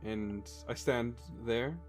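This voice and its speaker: A man's voice: mid-range voice, steady tone, slow pace, faint music behind. A man playing in a tabletop game, playful and joking between turns. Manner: playful, joking, laughs a lot. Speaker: player. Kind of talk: casual chat.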